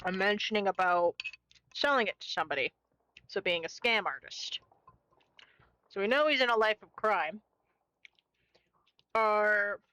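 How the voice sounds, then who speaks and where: A young woman streamer talks casually as she plays. Her voice sits at an everyday middle pitch, and she sounds chatty and playful. She drifts between comments on the game and small talk with her co-host. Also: bright, forceful tone, no echo, poor audio.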